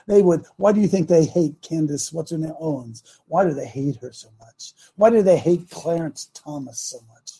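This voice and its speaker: Husky high-voiced male preaching host. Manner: emphatic, repeats lines, slows down for emphasis. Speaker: talk show host. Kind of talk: preaching political talk show. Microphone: studio microphone.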